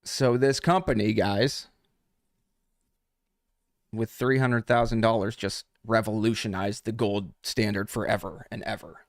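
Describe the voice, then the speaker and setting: A man's voice: fairly low pitch, fairly even intonation, unhurried, no room sound, studio quality. A man teaching trading on a live stream, talking casually and swearing freely as he chats with viewers. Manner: casual, profane, talks straight to chat.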